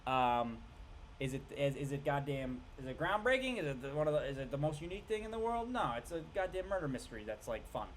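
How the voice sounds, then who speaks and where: A man chats through a movie review in a loose, rambling way, stumbling over restarts and dropping the odd swear word. His voice sits a little on the high side. A faint hiss runs under the recording. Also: big pitch swings, fast talker. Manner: rambling, heavy on fillers and restarts, swears casually. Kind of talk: casual spoken review.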